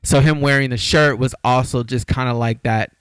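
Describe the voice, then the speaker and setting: A man hosting a casual podcast, talking in a lively, rambling way. His voice is smooth and resonant, recorded close and dry with no room sound. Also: medium pitch, moderate pace, dry recording. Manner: animated, gets riled up, rambling with fillers. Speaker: podcast host.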